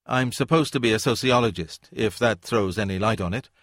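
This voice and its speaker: A man's voice: lowish voice, brisk, fairly bright tone, no echo, clean studio sound. A man voicing a young male academic who speaks politely and hesitantly, in a storybook reading. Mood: tentative.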